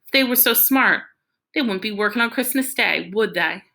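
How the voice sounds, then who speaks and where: A woman's voice: mid-range voice, moderate pace, vocal fry, bright, forceful tone, pitched above the performer's own voice. A woman voicing a domineering ex-convict preacher, a middle-aged man who speaks in a drawling, bossy way. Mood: menacing. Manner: drawling, domineering, calls the boy "boy".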